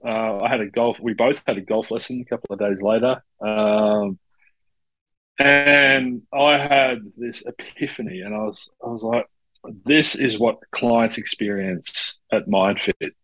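A man who works as a coach, telling stories in a casual podcast chat, expressive and swearing freely. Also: mid-range voice, a little slow, no echo, rough recording.

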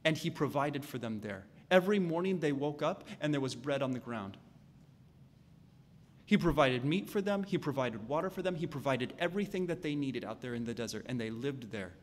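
A man preaching a sermon as a pastor, animated and acting out the voices of the people in his story. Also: medium pitch, brisk. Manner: animated, acts out voices of the Israelites and God. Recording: long hall reverb.

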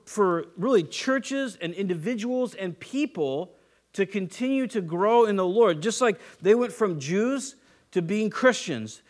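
A man with a fairly high voice preaches a sermon as if chatting with friends. He drifts into little stories, slips into the voices of the people he quotes and laughs at his own mishaps. He sounds like a pastor in his thirties. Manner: conversational storytelling, acts out quoted voices, laughs at himself.

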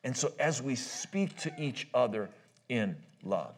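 A middle-aged man gives a loose, conversational sermon at a church marriage conference, telling personal stories, often laughing at his own tales and restarting sentences in a halting delivery. His voice is mid-range and husky, with big pitch swings.

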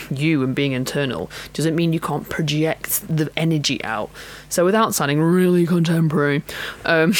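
A woman's voice: sits low, a bit bright. A chatty woman talks straight to her listeners as a pole dance coach and podcast host. She is frank and easygoing, breaks into self-mocking laughs, and fills her sentences with ums and likes. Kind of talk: casual solo podcast talk.

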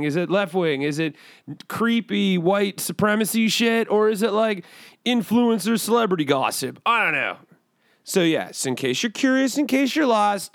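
A rambling, excitable male bird hosting his own podcast, as a man puts him on. He swears casually and wanders off topic in a slightly raised voice. The sound is close and dry, with no room around it. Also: a little high, no room sound. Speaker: podcast host. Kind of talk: comedic character podcast.

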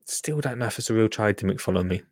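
Reacting to a gardening clip, a man rambles through jokey, casual commentary full of asides. He speaks very fast in a lowish voice, with background noise audible.

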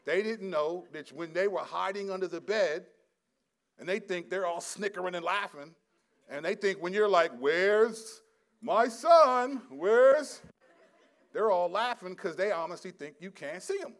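A middle-aged male pastor giving a sermon, swinging from quiet, low asides to loud, emphatic scripture reading. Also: moderate pace. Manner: reads scripture aloud with rising intensity.

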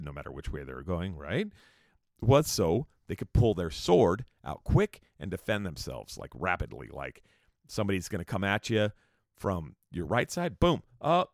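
An American man with a low-sitting voice tells a travel story casually, loose and profane, rambling and breaking off into rants. The recording is dry and studio quality.

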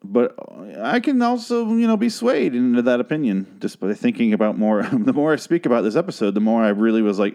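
Man, podcast host, casual review rant, profane, rambling, joking, mid-pitched voice. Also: fairly quick, few pauses. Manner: profane, rambling, jokey, with animated put-on voices.

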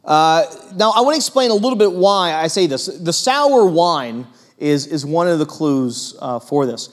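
A male pastor delivers a sermon in a voice pitched a little above most men's. He is earnest, pressing hard on key points and then sinking to near-hushed tones, and he stumbles over fillers as he explains. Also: expressive, normal speed.

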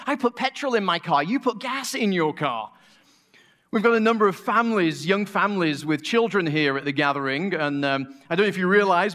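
High-voiced Manchester English preacher. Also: male voice, a bit bright. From England. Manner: conversational and joking, with a few restarts. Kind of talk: sermon.

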